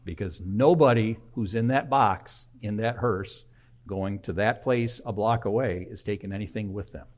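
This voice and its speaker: A man's voice: fairly low pitch, normal speed. An older man preaching a sermon in a folksy, conversational way, often checking in with "okay.". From Michigan. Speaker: pastor.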